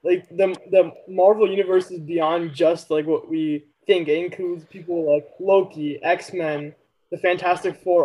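A man's voice: sits high, mellow, a little hiss or hum. A man co-hosting a casual podcast chat, explaining at length with lots of fillers. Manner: rambling, filler-heavy explaining. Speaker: podcast co-host. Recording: dull lo-fi mic.

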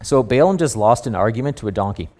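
Man preaching, storytelling with animated asides. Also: lowish voice, fast talker. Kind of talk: sermon.

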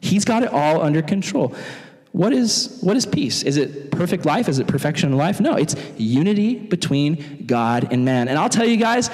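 A young man preaches with animated energy and slips into other people's voices as he goes. His voice sits a bit high for a man and swings widely in pitch. It carries the long reverb of a church hall. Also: normal speed. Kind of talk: sermon.

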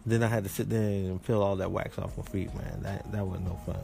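A man's voice: sits low, flat delivery, a little fast, vocal fry, dark tone, faint music behind. A man hosting a casual call-in show, joking around in a playful, slangy storytelling way. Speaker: podcast host answering voice messages.

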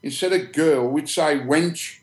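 A man's voice: on the high side, a little slow, crowd noise. A man with a Black Country accent, chatting casually as a guest on a podcast, often repeating and restarting his words. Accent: Black Country English. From Black Country, England. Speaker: guest, detector maker. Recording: roomy echo.

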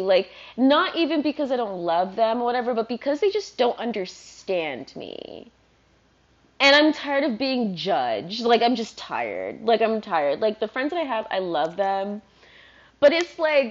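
Woman vlogger, fairly high voice, rambling casual rant, dull lo-fi sound. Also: measured pace. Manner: rambling, animated, heavy use of "like". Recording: dull lo-fi recording.

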